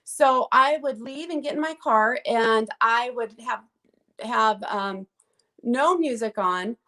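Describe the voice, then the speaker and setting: A woman's voice: on the high side, takes it slowly, pushed and bright. A woman author, a guest in a casual video chat, giving encouraging advice.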